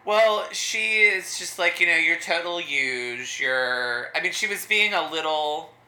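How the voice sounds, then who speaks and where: A woman's voice: lowish voice, expressive, unhurried, sharp tone. A woman co-hosting a podcast, making wry, blunt asides in casual chat. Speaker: podcast co-host. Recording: roomy with faint music.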